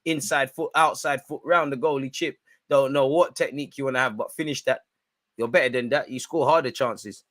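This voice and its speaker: A young man hosting a football watch-along, commenting live and shouting at the referee. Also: fairly quick. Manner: animated, shouts at the referee, spikes in pitch and volume.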